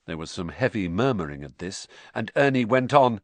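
A man narrating a story in an expressive reading voice, close to the mic. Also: deep voice, moderate pace, few pauses, no echo. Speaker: audiobook narrator. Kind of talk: scripted narration.

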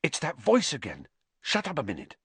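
Anxious schoolboy voiced by a man, rushed and hesitant, lightly raised. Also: on the high side, very animated, a bit bright, no echo, pitched above the performer's own voice, exaggerated voice. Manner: hurried, hesitant. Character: anxious, cold hungry schoolboy.

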